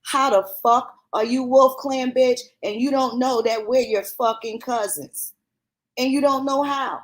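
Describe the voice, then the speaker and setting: Profane ranting woman, high voice. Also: fairly even intonation, unhurried. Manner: profane, heated, mocking. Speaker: commentary vlogger. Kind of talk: ranting commentary.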